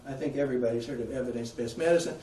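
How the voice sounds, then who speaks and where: A man's voice: medium pitch, very fast, warm tone, far from the mic, slight background noise. A man giving a conversational public talk, putting questions to his audience. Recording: echoey room, heard from afar.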